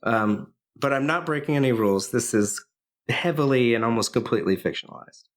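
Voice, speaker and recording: Talking a little fast in a mid-range voice, a man co-hosts a podcast. His casual rundown of a film's plot rambles, with lots of fillers and restarts.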